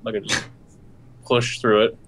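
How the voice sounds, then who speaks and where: A man playing a tabletop role-playing game, animated, slipping into grand formal speech for his character. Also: fairly low pitch, takes it slowly, a little hiss or hum. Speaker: player. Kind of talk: casual tabletop role-play.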